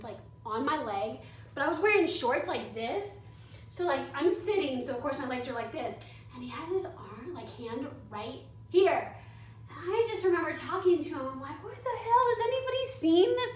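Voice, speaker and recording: High-voiced chatty woman vlogging. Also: a little hiss or hum. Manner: chatty, candid, heavy use of "like". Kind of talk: storytime vlog. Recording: echoey room, away from mic.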